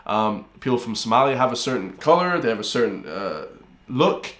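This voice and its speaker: A man's voice: mid-range voice, big pitch swings, normal speed, fairly bright tone, a little hiss or hum. An Irish man hosting a reaction video, ranting and calling his viewers guys and bro. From Ireland. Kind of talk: reaction commentary. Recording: roomy echoey room.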